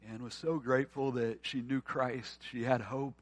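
A man preaching a sermon, earnest and often quiet and tender, then rising to forceful emphasis. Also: mid-range voice, level tone, measured pace. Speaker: pastor.

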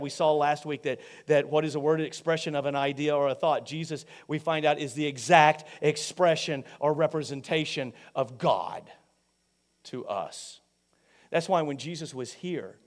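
Preaching emphatically, this male pastor asks his congregation questions. His sermon moves from booming high points down to hushed, low stretches.

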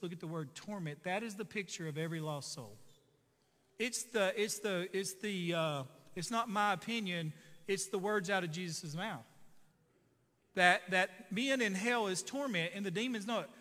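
A man's voice: sits high, normal speed, fairly bright tone, big-room sound. A man preaching a sermon as pastor, emphatic and repetitive, pressing each point home.

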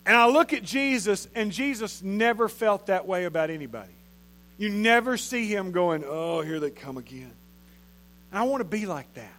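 A man's voice: sits high, lively intonation, normal speed, fairly bright tone. A man, preaching a sermon in a conversational way and repeating phrases for emphasis. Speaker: pastor.

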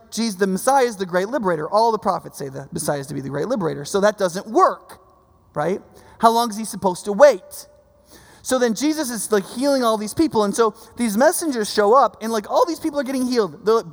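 Gravelly man preaching in a reverberant hall. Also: high voice. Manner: conversational, keeps checking in with listeners. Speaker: pastor. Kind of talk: sermon.

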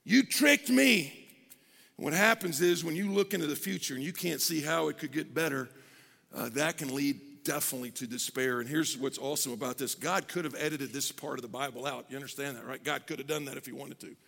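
A middle-aged pastor, preaching a sermon conversationally and acting out people's prayers with energy. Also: male voice, mid-range voice, quick pace, vocal fry, fairly bright tone. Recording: long reverb of a hall.

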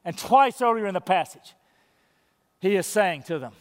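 A male pastor delivering a sermon with a high, light voice. He leans hard on key words, then sinks into a soft, close delivery. A long reverb tail hangs on his voice from the church sanctuary. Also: expressive, normal speed. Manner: emphatic, building to stressed phrases then dropping to hushed, intimate tones.

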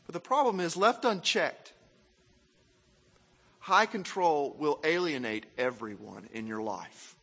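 A man from Arkansas, preaching a sermon in an animated, self-mocking way and asking the crowd questions. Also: a little high, slow pace, pauses often, husky, in a large hall. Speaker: pastor.

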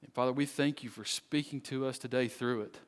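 Earnest pastor in a reverberant church. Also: male voice, mid-range voice, steady tone. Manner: earnest, pleading, slow deliberate phrasing. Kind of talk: sermon closing and prayer. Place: church sanctuary.

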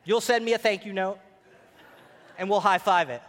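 Pastor, male, thirties, high voice; lively sermon with soft asides, in a reverberant hall. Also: normal speed. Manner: animated storytelling, drops to soft intimate tone for quoted prayers. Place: church hall. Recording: long reverb of a large hall.

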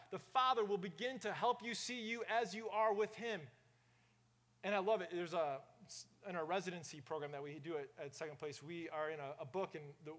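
A man preaching a sermon to his congregation, energetic and often asking the room questions. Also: sits high. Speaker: pastor.

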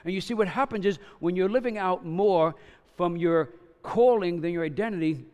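A fifty-something man preaching from the pulpit, his voice sitting a little high for a man. He talks in a loose, conversational way and keeps checking in with his listeners. A long reverb from a large church hall trails behind every word. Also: normal speed, a little mellow, clear, resonant tone. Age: 50s. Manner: conversational storytelling, frequent "right?" and "you know?". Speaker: pastor. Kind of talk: sermon.

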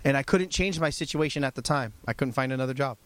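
A male pastor preaching a sermon in an animated, conversational storytelling way. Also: medium pitch, quick pace.

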